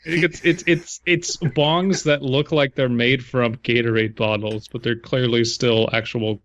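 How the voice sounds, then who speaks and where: A man's voice: medium pitch, steady tone, measured pace, a bit bright, muffled recording. Laughing man reading on a podcast. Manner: jokey, laughing, stumbling over slang. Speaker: podcast co-host reading a story. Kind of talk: casual podcast chat and reading.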